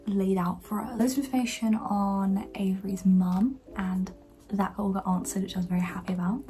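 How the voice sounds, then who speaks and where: Young woman, casual book vlog, hushed whispery delivery, warm mellow tone, faint music behind. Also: mid-range voice, low-quality recording. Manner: often whispering late at night, enthusiastic. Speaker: book vlogger.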